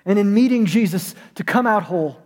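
A man's voice: high-pitched, a little fast, big-room sound. A man preaching a sermon as pastor, telling a story and acting out the voices of the people in it. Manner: storytelling, acts out voices in anecdotes. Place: church, online service.

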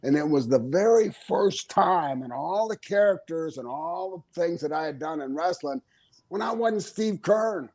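A man's voice: fairly high pitch, expressive, unhurried, a little mellow. An older man, a former pro wrestler, telling stories in a casual interview. He talks animatedly, laughs often and acts out the things people said.

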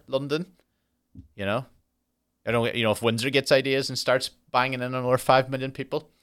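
A young man talks alone into a podcast mic, ranting about a miserable trip in a voice of ordinary pitch. He swears constantly and drifts into exaggerated dark jokes. The delivery is loose, exasperated storytelling. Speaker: podcast host. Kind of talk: solo podcast monologue.

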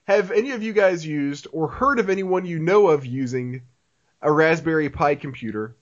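A man's voice: a little high, normal speed. A man hosting a casual podcast, reading listener mail and chatting, laughing often and restarting his sentences. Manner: laughs often, repeats words when restarting. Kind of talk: casual chat. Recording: dull lo-fi sound.

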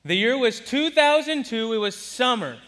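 A man in his twenties from Southern California, telling a personal story in a sermon with lively delivery and acted-out quotes. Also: very high-pitched, moderate pace. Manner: animated, acts out quoted voices. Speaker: preacher.

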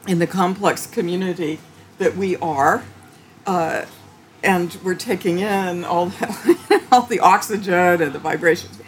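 A woman theologian answering interview questions in a thoughtful, halting way, with frequent restarts and light laughter. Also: fairly low pitch, slight background noise. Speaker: theologian guest.

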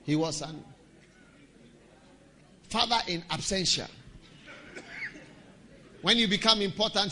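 A middle-aged man, preaching a sermon as pastor, emphatic and sometimes shouting. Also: sits high, unhurried, pauses often.

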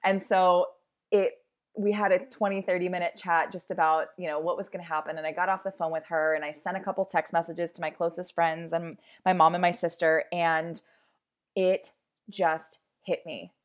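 A woman's voice: on the low side, little pitch movement, normal speed. A woman in her thirties hosting her own podcast, talking candidly and emotionally in a casual, chatty way full of "like"s. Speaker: podcast host. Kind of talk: casual personal podcast monologue.

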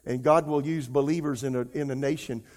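Pastor preaching with emotion. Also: male voice, mid-range voice, steady tone, brisk, darkish tone. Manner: emotional storytelling, rising to near-crying pleas; conversational, repeats words, addresses congregation as y'all. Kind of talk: sermon.

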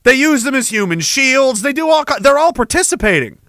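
A middle-aged man hosting a podcast, ranting with heavy profanity and jumping between war stories and shouted quotes. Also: extremely high pitch, very animated, fairly quick, creaky, no room sound. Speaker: podcast host. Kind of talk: ranting monologue.

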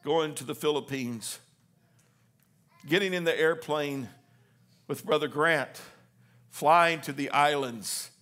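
A middle-aged male pastor preaching a sermon, reading scripture slowly and building to fervent, rising waves. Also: fairly high pitch, a bit bright. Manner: reads scripture slowly with emphasis.

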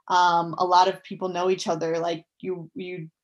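A woman's voice: on the low side, flat delivery, normal speed, highs cut off. Chatty young woman. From United States. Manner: chatty, frequent fillers, upbeat. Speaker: guest, professional athlete. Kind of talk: casual interview chat.

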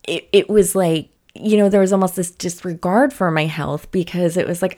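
A woman's voice: lowish voice, moderate pace, hardly any pauses, warm tone. A woman hosting a podcast, telling a personal story in a candid, chatty way and laughing now and then. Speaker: podcast host. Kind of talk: casual solo podcast storytelling.

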